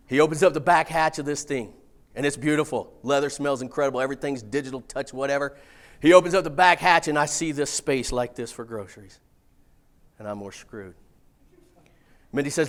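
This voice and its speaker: Middle-aged guy, folksy and animated, spinning a story on stage with some cussing. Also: medium pitch, a little fast. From Missouri. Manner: folksy, animated, casual swearing. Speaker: speaker. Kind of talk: storytelling keynote talk.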